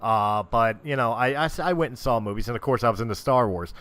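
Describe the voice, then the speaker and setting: A man co-hosting a casual podcast, relaxed, asking questions and laughing often. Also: mid-range voice, quick pace. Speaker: podcast co-host.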